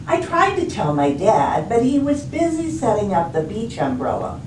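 Librarian reading storytime, unhurried and lively, echoey library room, far from the mic. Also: female voice, medium pitch, noisy background. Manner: expressive, slow storytelling. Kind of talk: storybook read-aloud. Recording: roomy, distant, faint ambience.

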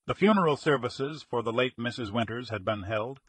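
A man reading a detective story aloud in a measured storytelling manner. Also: mid-range voice, husky, no room sound. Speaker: audiobook narrator. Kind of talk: scripted narration of a detective story.

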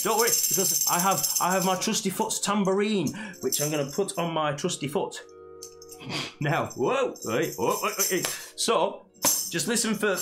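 A man hosting a live-streamed children's song session, cheerful and encouraging in a sing-song, chatty way. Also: sits high. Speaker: children's entertainer. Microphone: live stream mic. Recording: echoey room, loud guitar music. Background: guitar playing.

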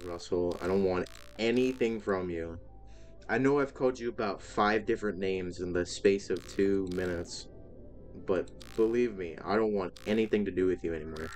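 A man with a deep, slightly mellow voice hosts a gaming video, doing let's play commentary. He chats with the game's characters and keeps bursting into startled exclamations.

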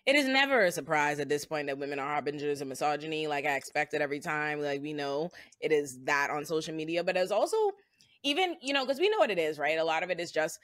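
A woman's voice: low voice, lively intonation, quick pace, a bit bright, dry recording, studio quality. A woman hosting a casual panel chat over a video call, blunt and profane, pressing her points hard. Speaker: host.

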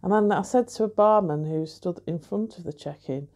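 A woman's voice: lowish voice, a little fast, hardly any pauses, dark tone. A woman chatting casually in a hotel room, complaining as she tells a long story about a bad stay. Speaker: reviewer. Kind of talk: casual chat.

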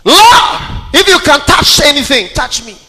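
A needy, self-seeking churchgoer, as a male preacher puts him on, begging God in a high, whiny voice that nearly breaks into a shout. The tone is sharp and bright. A long hall reverb hangs after every cry. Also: animated, a little slow, exaggerated voice. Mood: pleading.

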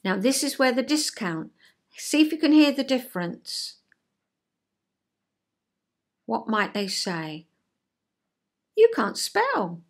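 A woman's voice: on the high side, sing-song, normal speed. An older woman and retired counsellor giving a chatty, homely explanation in her vlog, full of rhetorical questions.

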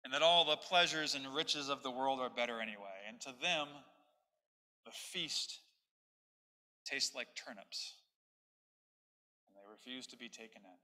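A man's voice: mid-range voice, measured pace, pauses often, bright, forceful tone, long reverb tail. A man preaching a sermon, reading a story aloud in an earnest storytelling manner. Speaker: pastor.

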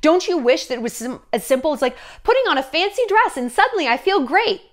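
A woman's voice: high-pitched, fast. A woman in her thirties ranting casually to camera as a vlogger, chatty and sarcastic. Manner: chatty, animated, sarcastic asides. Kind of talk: casual opinion rant to camera.

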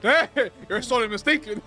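A man reacting live to an anime episode, excitable and cursing, yelling at the screen and laughing often. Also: extremely high pitch, moderate pace, soft background music.

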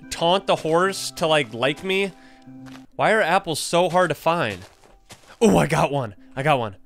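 A young man casually commenting on his own gameplay, excitable and jumpy, chatting to the animals on screen. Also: a little high. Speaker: gaming YouTuber. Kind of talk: casual let's-play commentary.

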